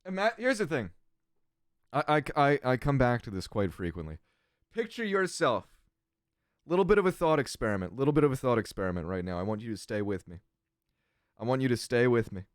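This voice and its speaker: A man's voice: mid-range voice, big pitch swings, brisk, long pauses, no echo, clean studio sound. A man casually reading chat on his livestream, sardonic and crass, swearing freely.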